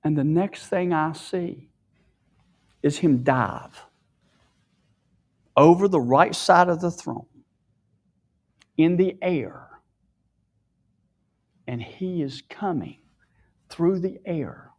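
A tearful man sharing an emotional personal testimony, often dropping his voice to a hushed whisper. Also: a little high, very slow, long pauses.

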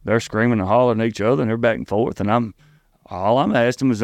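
A middle-aged man with a Tennessee Southern accent, telling his story as an interview guest in an earnest, halting way, often restarting and repeating words. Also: medium pitch, darkish tone, no room sound.

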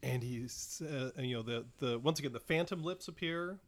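Man, game master, narrating tabletop game, rambling, medium pitch. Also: moderate pace. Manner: rambling, many fillers and restarts.

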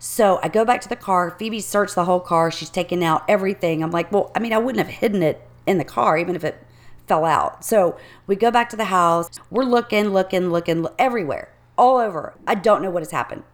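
A woman co-hosting a casual chat, telling a long personal story in an animated way and acting out the people in it. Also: fairly low pitch, fairly quick.

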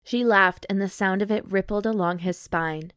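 A woman's voice: mid-range voice, normal speed, fairly bright tone, clear, resonant tone, dry recording, clean studio sound. Playful woman reading romance aloud. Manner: reads steamy prose aloud with playful commentary. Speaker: podcast co-host reading a romance novel aloud. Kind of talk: casual chat and mock-dramatic reading.

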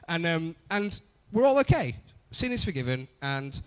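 A man's voice: fairly high pitch, very animated, moderate pace, clear, resonant tone. A young adult man preaching a conversational sermon, often repeating phrases for emphasis. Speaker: pastor.

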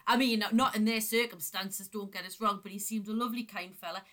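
A woman co-hosting a casual podcast chat, teasing and quick to laugh. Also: mid-range voice, fairly even intonation, fairly bright tone. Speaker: podcast co-host.

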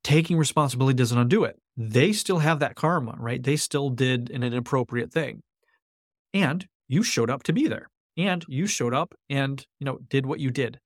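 An earnest man talks through his ideas as a podcast guest, circling back to his key phrases to drive them home. His voice sits at an ordinary middle pitch, and the recording is close and dry with no room sound. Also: normal speed, dry recording. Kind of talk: conversational interview.

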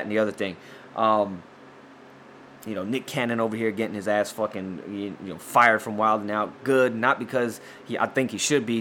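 A man hosting a show, ranting casually with heavy cursing, stammered restarts, and swings between loud outbursts and low muttering. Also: a little hiss or hum. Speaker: podcast host. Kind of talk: profane casual rant.

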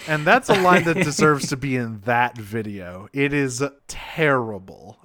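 A man's voice: medium pitch, animated, unhurried, sharp tone, dry recording, clean studio sound. A man co-hosting a casual podcast chat, talking in a wry way and swearing casually. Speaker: podcast co-host.

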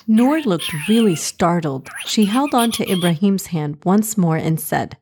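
A woman narrating a children's storybook in a gentle, expressive reading manner. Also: lowish voice, a little slow, few pauses, a little hiss or hum.

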